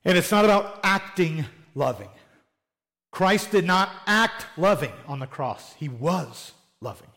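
A man's voice: on the high side, expressive, a little slow, pushed and bright. A man preaching a sermon in a plain-spoken, conversational way, often acting out little quoted exchanges. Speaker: pastor.

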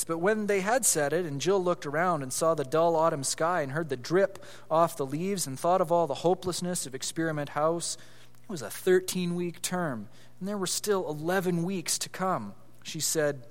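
A man's voice: a little high, moderate pace, big-room sound. A man reading a children's story aloud with expression, then explaining it with growing animation as a preacher.

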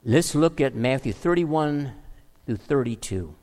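A pastor delivering an emphatic sermon full of rhetorical questions. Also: male voice, medium pitch, lively intonation, measured pace, darkish tone, long reverb tail.

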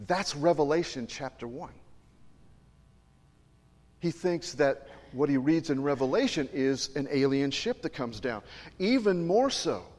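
A man's voice: medium pitch, animated, measured pace, pauses often, a little mellow. A male pastor preaching a sermon in a chatty, digressive way, joking with and questioning his congregation. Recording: long reverb in a large hall.

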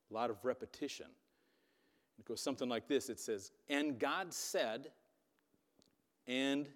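A man preaching a sermon, telling a Bible story dramatically with loudness that rises and falls. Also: medium pitch. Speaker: pastor. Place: church hall. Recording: long reverb of a hall.

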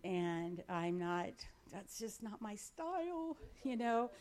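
Woman, testimony speaker on stage; animated storyteller, plays out dialogue, chatty fillers, mid-range voice. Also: mid-range voice, takes it slowly. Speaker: speaker sharing a personal faith story.

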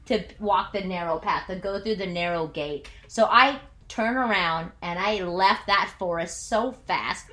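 A woman pastor telling a personal story during a sermon, animated and self-mocking, with lots of "like". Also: fairly low pitch. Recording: echoey room.

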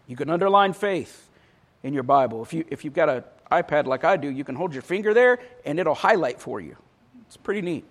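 Preacher guy, kinda high voice, punchy sermon with dry little jokes. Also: fairly bright tone. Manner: emphatic, storytelling, with dry asides.

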